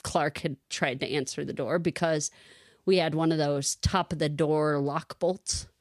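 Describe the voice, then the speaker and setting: A woman co-hosting a podcast, telling a lively personal story in casual chat and laughing often. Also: sits low, a little slow, no echo, clean studio sound. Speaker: podcast co-host.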